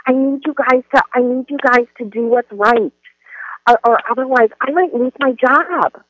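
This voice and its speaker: A man's voice: extremely high pitch, moderate pace, a bit bright, no room sound, highs cut off, pitched above the performer's own voice. Man doing a whiny, helpless teacher. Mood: whiny pleading. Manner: whining, defensive, helpless. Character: whiny, anxious teacher pleading with students.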